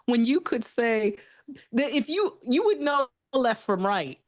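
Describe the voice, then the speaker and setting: A woman's voice: on the high side, a little slow. A woman co-hosting a comedy podcast, telling a story with lots of laughter and acted-out quotes. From United States. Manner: animated, laughing often, acts out quoted voices. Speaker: podcast co-host.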